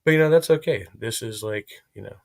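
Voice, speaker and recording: A man's voice: medium pitch, brisk, creaky, a little mellow. A man hosting a casual livestream chat, rambling and self-deprecating, filling his talk with "you know" and "like". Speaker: livestream host.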